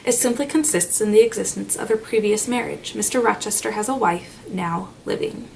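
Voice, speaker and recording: A calm, exacting lawyer, as a woman reads him. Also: mid-range voice, a little fast, vocal fry, lightly acted. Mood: firm. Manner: distinct, calm, steady. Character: stern male solicitor, calm and precise. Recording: slightly distant mic, faint noise.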